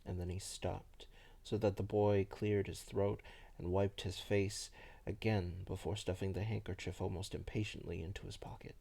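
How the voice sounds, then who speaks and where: A man reading a novel aloud in a measured, low-key way. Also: level tone, creaky, dark tone, slightly rough. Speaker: audiobook reader. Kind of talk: novel narration.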